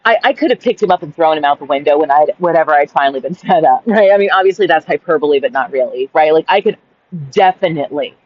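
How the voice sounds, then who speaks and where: Woman, lowish voice, exasperated rant, swears, dull lo-fi recording. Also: animated, fast. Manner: exasperated, swearing, says "right?" a lot. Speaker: vlogger. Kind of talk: casual journal-style rant. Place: in a parked car on a busy street. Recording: dull lo-fi sound.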